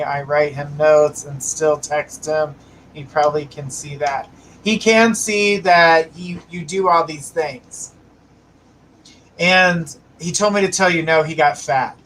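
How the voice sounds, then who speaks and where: A man's voice: fairly high pitch, fairly even intonation, takes it slowly, a bit bright, a little hiss or hum, low-quality recording. A man hosting a live psychic reading stream, chatting casually, laughing often and reading viewer comments aloud. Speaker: psychic livestream host.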